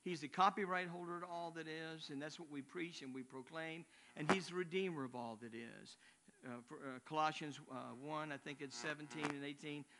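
A man's voice: fairly high pitch, bright, forceful tone. An older man, a missionary, preaching a sermon in a conversational, rambling way with asides.

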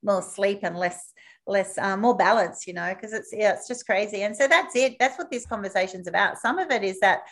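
A woman's voice: mid-range voice, brisk. A middle-aged Australian woman hosting a casual chat, talkative and open, laughing often. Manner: chatty, laughs often, oversharing. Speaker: host.

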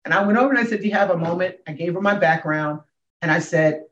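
Emphatic older woman, echoey dull recording. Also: quick pace. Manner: emphatic, with sudden jumps up and down in pitch and volume. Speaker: guest, comedian and motivational speaker. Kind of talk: emotional storytelling in a podcast interview. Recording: echoey, dull room sound.

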